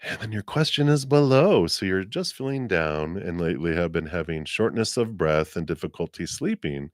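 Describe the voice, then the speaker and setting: Male livestream reader with a very low voice and a gentle, meandering, fill-word-heavy delivery, laughing often, a little lower than usual from the weather, dry close mic. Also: lively intonation, normal speed, no room sound. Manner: gentle, rambling, laughs often, many fillers. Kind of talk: casual live reading.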